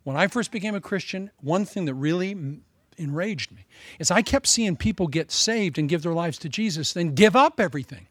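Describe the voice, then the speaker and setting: Animated high-voiced male preacher. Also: brisk, dry recording. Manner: animated, joking, with frequent laughs. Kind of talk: sermon.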